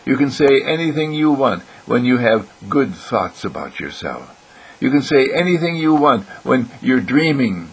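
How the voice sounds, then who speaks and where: Older man, gravelly, husky, lively pitch swings, motivational talk. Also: a little slow, poor audio. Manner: animated, playful, acts out other voices. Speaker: motivational speaker. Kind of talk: inspirational monologue.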